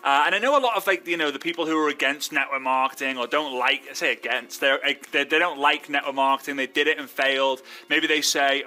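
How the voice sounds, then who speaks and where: A man's voice: a little high, expressive, fast talker, sharp tone. A man giving a casual training talk, chatty and rambling, often breaking off mid-sentence. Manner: chatty, rambling, self-interrupting. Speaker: network marketing trainer.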